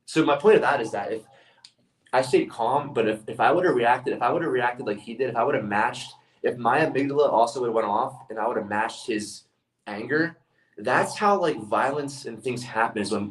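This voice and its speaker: A man's voice: mid-range voice, recorded from a distance, rough recording. A man speaking as a leadership speaker in a casual monologue, telling stories earnestly and often restarting his phrases.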